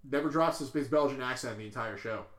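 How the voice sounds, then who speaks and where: A man's voice: medium pitch, fast, a bit bright. A man co-hosting a podcast in casual chat, rambling and cursing, often restarting words. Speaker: podcast co-host. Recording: echoey room.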